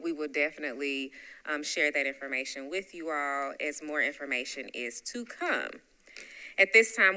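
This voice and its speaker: Woman, Southern accent, lowish pitch, bright clear voice, chatty meeting chair. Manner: warm, chatty asides between names. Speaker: council chair. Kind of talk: public meeting roll call. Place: council meeting room.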